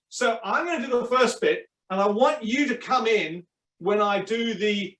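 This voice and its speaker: A man's voice: high-pitched, unhurried, fairly bright tone, far from the mic. A man hosting a webinar, playful and encouraging the audience. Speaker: webinar host. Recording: echoey room, off-mic.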